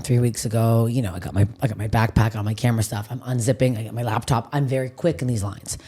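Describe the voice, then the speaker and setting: A tired-sounding comedian hosts a podcast, telling stories in casual chat, swearing a lot and acting out other people's voices with animation. Her voice is extremely low and quick, with slight background noise.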